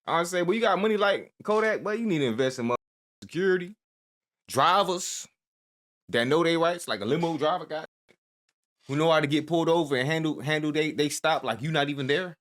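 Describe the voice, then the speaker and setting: A man's voice: on the high side, fairly quick, a bit bright. A man hosting a reaction video, chatting casually in heavy slang with bursts of disbelief.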